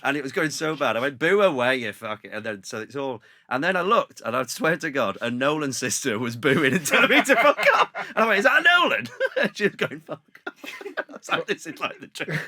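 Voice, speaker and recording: Man, comedian, animated storytelling, bright voice, lively pitch. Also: brisk. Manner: animated storytelling with laughter and shouted impressions. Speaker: comedian guest. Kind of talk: casual anecdote telling.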